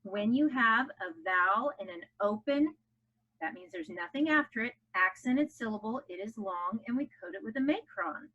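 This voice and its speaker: A woman's voice: on the high side, bright, forceful tone. A woman teaching a phonics lesson to children, upbeat and coaxing them to chant along. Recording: dull lo-fi home video audio.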